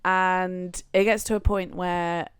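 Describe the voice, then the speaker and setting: A young woman co-hosting a podcast from a friend's house, telling a story in a giggly, animated way. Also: on the low side, slow pace, smooth, dry recording, clean studio sound. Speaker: podcast co-host. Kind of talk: casual chat.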